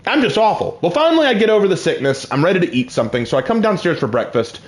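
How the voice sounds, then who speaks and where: A young man casually telling personal stories while playing a game, with excited outbursts. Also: high-pitched, fast. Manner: lively, shifts from calm to excited outbursts. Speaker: gaming channel host.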